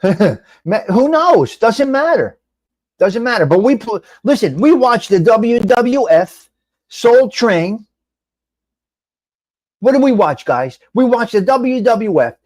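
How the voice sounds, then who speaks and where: A high-voiced, middle-aged man rambles through a casual live chat on a webcam mic. His pitch swings widely as he calls out viewers by name and drops the odd curse. The sound is dry and close. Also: slow, pauses often, no echo. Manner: animated, rambling, swears, addresses chat by name. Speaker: live show host.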